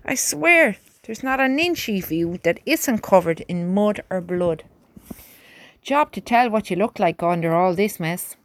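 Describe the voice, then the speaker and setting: A woman doing a gentle young soldier. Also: mid-range voice, lively intonation, unhurried, natural voice. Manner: soft, coaxing. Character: gentle young male soldier, kind with horses.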